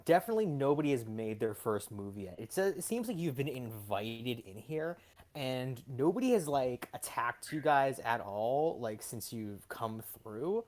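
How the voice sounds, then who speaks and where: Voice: mid-range voice, expressive, measured pace, a little mellow. A game master narrating a tabletop game scene, hesitant and full of fillers.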